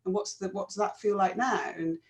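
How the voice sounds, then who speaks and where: A woman's voice: medium pitch, fairly quick. Reflective woman explaining in a therapy chat. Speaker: co-host, therapist.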